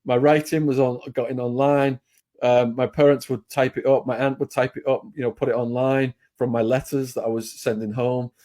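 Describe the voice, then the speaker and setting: A man's voice: mid-range voice, flat delivery, normal speed, dark tone. Blunt Englishman telling a story. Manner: blunt, plain-spoken, with fillers and restarts. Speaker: podcast guest. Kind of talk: casual storytelling.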